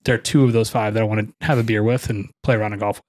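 A man's voice: fairly low pitch, steady tone, racing. A man co-hosting a podcast in casual chat, telling loose stories with frequent swearing and laughs. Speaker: podcast co-host.

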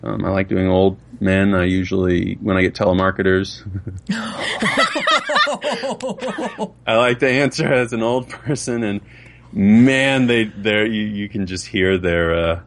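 Animated gravelly male voice actor. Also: fairly low pitch, takes it slowly. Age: adult with children. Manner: animated, laughs often. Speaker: voice actor guest. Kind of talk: casual interview chat.

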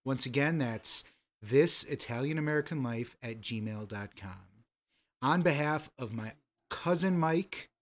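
A man co-hosting a podcast, reading listener mail and teasing in a relaxed, easygoing way. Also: medium pitch, measured pace. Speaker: podcast co-host. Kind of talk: casual chat.

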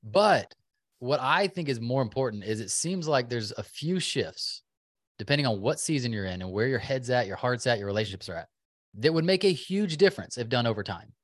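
A man chatting on a podcast with a motivational, reflective bent, his voice pitched mid-range for a man. The recording is dry and close, with no room sound around him. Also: expressive, fairly quick, no echo. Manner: chatty, many "like" fillers. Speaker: podcast co-host. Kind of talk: casual podcast chat.

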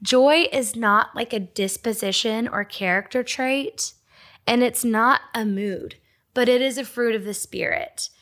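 A young woman from Georgia, USA, speaks in a somewhat high voice at a measured pace. She works with a Christian ministry and is giving a devotional teaching, telling it in a casual, warm way with fillers and little laughs.

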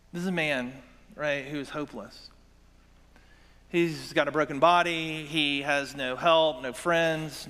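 Earnest preacher in a reverberant hall. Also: male voice, fairly high pitch, a bit bright. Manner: conversational, earnest preaching with asides to the congregation. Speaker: pastor. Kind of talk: sermon.

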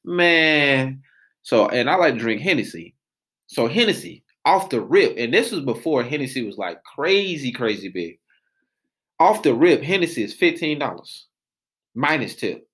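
Animated profane man ranting. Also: medium pitch, unhurried. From Atlanta, US South. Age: late 20s. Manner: profane, animated, loses his train of thought. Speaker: podcast host. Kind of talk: casual storytelling rant.

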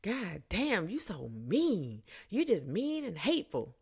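A woman's voice: mid-range voice, very animated, brisk, vocal fry, darkish tone, voice pushed up. A woman voicing a drunk, pushy man at a bar who talks in a crude, whiny, badgering way. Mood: indignant.

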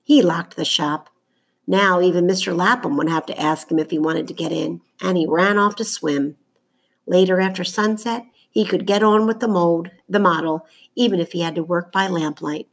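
Low, gravelly woman reading a novel. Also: moderate pace. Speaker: audiobook narrator. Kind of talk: reading a children's novel aloud.

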